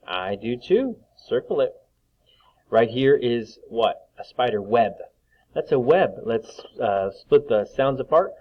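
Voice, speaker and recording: A man teaching young children to read, slowly sounding out letters and words with patience. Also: mid-range voice, expressive, muffled recording. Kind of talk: reading lesson for young children.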